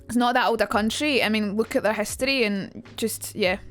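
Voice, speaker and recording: A woman's voice: medium pitch, a little fast, a bit bright, faint music behind. A young woman chatting casually on a live stream, rambling with lots of fillers. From United Kingdom.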